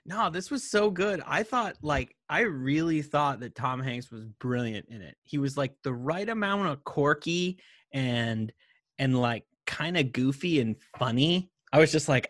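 A man's voice: on the high side, expressive, unhurried, fairly bright tone, no room sound, studio quality. A man co-hosting a casual movie chat who laughs often and mimics voices animatedly. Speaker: podcast co-host.

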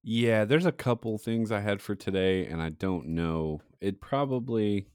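A man's voice: lowish voice, unhurried, a little mellow, clear, resonant tone, dry recording, clean studio sound. A man co-hosting a casual podcast, telling stories in a laid-back, rambling way with lots of fillers. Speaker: podcast co-host. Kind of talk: casual chat.

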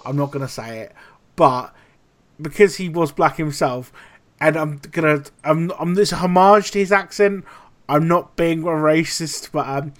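Animated man telling stories. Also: on the high side, a little slow. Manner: animated storytelling, heavy swearing. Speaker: podcast co-host. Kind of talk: casual chat.

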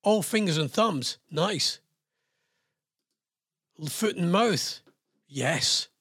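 Chatty radio host, slightly husky, dry close mic. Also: male voice, on the high side, lively intonation, very slow, fairly bright tone, dry recording. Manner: rambling, self-deprecating asides. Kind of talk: casual radio chat.

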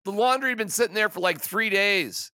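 A man's voice: high-pitched, a little fast, pushed and bright, no room sound, studio quality. A man hosting a sports podcast, ranting in an exasperated, emphatic way with stammering restarts. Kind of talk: casual sports rant.

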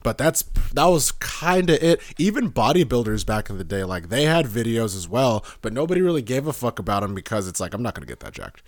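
A young man hosting a podcast, chatting casually in a rambling, profane, animated way and laughing often. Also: medium pitch, brisk, few pauses, dry recording, studio quality. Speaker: podcast host.

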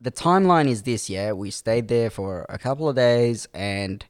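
A man's voice: mid-range voice, normal speed, smooth, no room sound, studio quality. A young man, telling a story animatedly in a casual podcast chat. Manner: animated, dramatic retelling with quoted voices.

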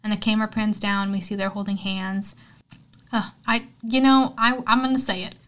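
A woman's voice: medium pitch, steady tone, moderate pace, fairly bright tone. A woman hosting a podcast, recapping a movie in a rambling, casual way, with lots of "like" and some swearing. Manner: rambling, heavy on "like", swears freely. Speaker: podcast host.

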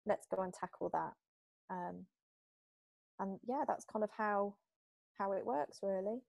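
A woman from Britain, a hypnotherapist guest in an interview, talking in a chatty, lively way and acting out little exchanges. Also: medium pitch, measured pace, vocal fry, dry recording. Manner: chatty, animated, acts out little quoted exchanges. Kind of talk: casual interview talk.

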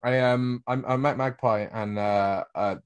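A man's voice: mid-range voice, steady tone, a little slow, clean tone. A British man chatting casually as a podcast co-host, rambling and laughing often at himself. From Britain. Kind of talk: casual chat.

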